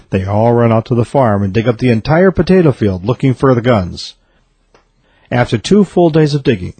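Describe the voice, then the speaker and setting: A man reading a series of jokes aloud in a steady storytelling delivery. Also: mid-range voice, breathy edge, no echo. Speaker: joke teller.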